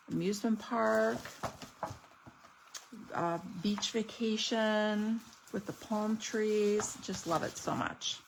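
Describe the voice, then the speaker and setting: A woman's voice: mid-range voice, creaky, slight background noise, low-quality recording. A woman showing off craft products in a casual unboxing video, gushing and chatty. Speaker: stamping demonstrator.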